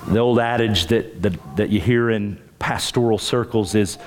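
A pastor preaching a sermon, emphatic, with his pitch climbing on key points and repeating words as he starts phrases. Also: normal speed, slight background noise.

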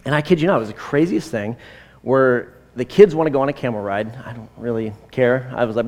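A man in his forties delivering a sermon like a chat, drifting into personal tangents with plenty of fillers before getting back to the scripture. His voice sits at a middling pitch. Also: a little fast, a little mellow. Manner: conversational, rambling with fillers and asides. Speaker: pastor.

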